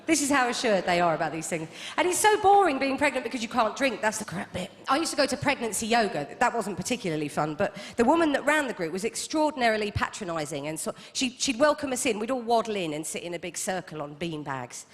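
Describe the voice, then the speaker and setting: A woman in her thirties performing a stand-up comedy set with wry, deadpan asides. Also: fairly high pitch, quick pace, few pauses. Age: 30s. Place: comedy club stage. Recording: reverberant live club hall. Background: audience laughter.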